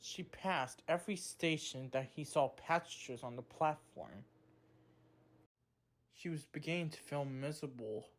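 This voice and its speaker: A woman narrating a children's train story in a slow, simple storybook manner. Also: deep voice.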